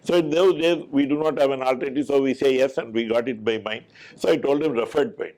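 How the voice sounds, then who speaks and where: Middle-aged doctor telling a story, animated, trips over words and restarts a lot. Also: male voice, mid-range voice, quick pace. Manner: animated, acts out dialogue, frequent stumbles and restarts. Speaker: doctor giving a talk. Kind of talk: anecdotal storytelling talk.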